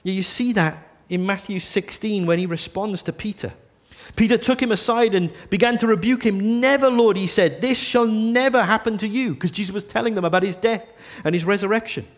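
A man preaching a sermon, earnest, often dropping to a soft hush on key phrases. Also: sits high, fairly quick, hardly any pauses.

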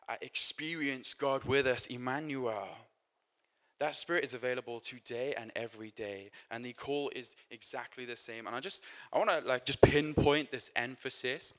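A man's voice: mid-range voice, a bit bright. A man preaching a sermon in a conversational way, with many fillers and restarts, moving between scripture and personal stories.

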